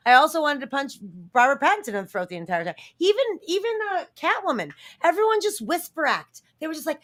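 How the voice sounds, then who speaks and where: A woman's voice: high-pitched, big pitch swings, quick pace, few pauses, fairly bright tone. A woman on a live entertainment news show, ranting bluntly and swearing freely in casual chat.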